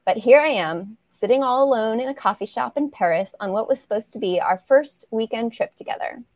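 A woman's voice: fairly high pitch, lively intonation, fairly quick, a little mellow, no echo. A woman who writes romance novels, reading her own chapter aloud as a guest on a podcast over a video call. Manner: casual, laughs easily between lines.

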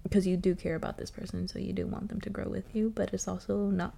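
A young woman co-hosting a podcast, telling stories in an animated, laughing, casual way with plenty of swearing. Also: mid-range voice, quick pace, creaky. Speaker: podcast co-host. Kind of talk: casual chat. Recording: faint background noise.

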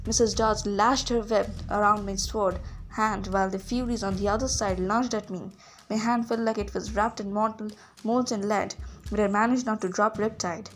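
A woman reading a novel aloud as a first-person narrator, lively, with occasional small slips. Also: medium pitch, moderate pace, soft background music. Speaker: audiobook reader.

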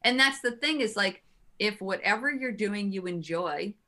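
A woman artist chatting as a podcast guest, animated and quoting herself often. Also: mid-range voice, normal speed. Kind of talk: casual interview chat.

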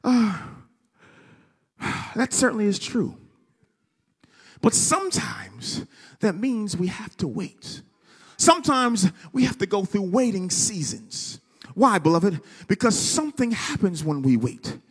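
A man's voice: high-pitched, very animated, slow pace, pauses often, a bit bright, husky, long reverb tail. A man preaching a sermon with rhythmic repetition, calling on the congregation to respond. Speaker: pastor.

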